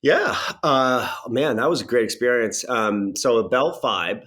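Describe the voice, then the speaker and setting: A man, an actor and comedian, chatting as a podcast guest and telling stories in a lively way with frequent restarts. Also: medium pitch, unhurried. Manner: lively storyteller with laughs and restarts. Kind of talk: casual podcast interview.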